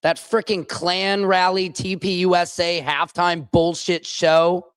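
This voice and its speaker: A man rants with open fury, swearing and hammering the same phrases over and over. His voice sits fairly high, and he talks slowly and deliberately. The sound is dry and close, with no room echo. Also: little pitch movement, smooth. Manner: furious, profane, repeats phrases. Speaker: comedian and show host. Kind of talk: angry political rant. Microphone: streaming microphone.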